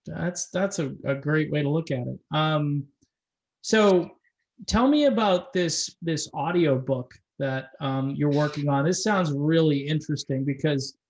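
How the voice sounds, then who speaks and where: A man's voice: fairly high pitch, measured pace, low-quality recording. A man hosting an interview, talking with enthusiasm as a fan. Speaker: interview host. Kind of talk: casual interview conversation.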